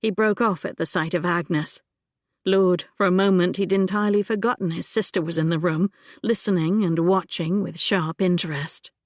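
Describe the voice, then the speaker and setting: A woman narrating an audiobook in a measured, even manner on a close microphone. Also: lowish voice, no echo.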